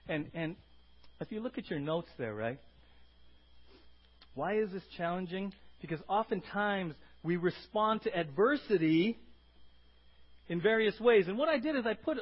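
A male pastor with a rather high voice delivers a conversational sermon. He keeps putting questions to the congregation and checking in with "right?" as he goes. The recording is muffled and lo-fi. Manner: asks the congregation questions, with frequent "right?" tags.

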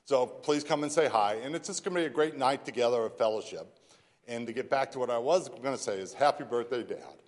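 A man's voice: mid-range voice, fairly quick. A man giving church announcements in a chatty, rambling way, choked up with emotion. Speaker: announcements speaker.

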